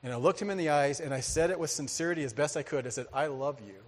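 A man preaching a sermon, telling a story with lively energy, acting out voices and laughing often. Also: fairly high pitch, racing, noisy background. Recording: hall reverb.

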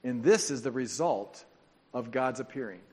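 A man preaching a sermon, telling the story in an animated way with joking asides. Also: medium pitch, normal speed, slightly rough. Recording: long hall reverb.

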